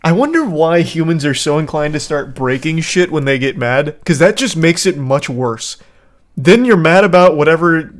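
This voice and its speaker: A man streamer giving rambling, casual commentary on a clip, swearing freely and laughing at himself. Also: a little high. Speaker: streamer reacting to a video.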